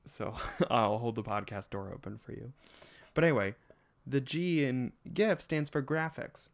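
A man's voice: mid-range voice, measured pace, vocal fry. A man hosting a podcast, chatting casually and teasingly about a movie. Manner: joking, teasing. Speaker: podcast host.

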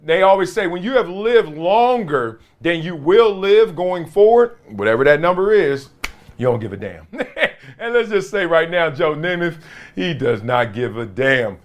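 A man's voice: on the high side, sing-song, moderate pace. A man, a former pro football player, hosting a sports talk show in a blunt, slangy, laughing way.

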